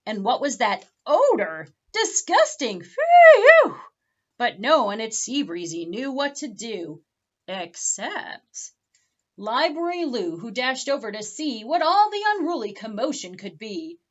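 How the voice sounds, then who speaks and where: A woman librarian reading a picture book aloud for children at home, with animated, expressive storytelling. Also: on the high side, unhurried, dull audio.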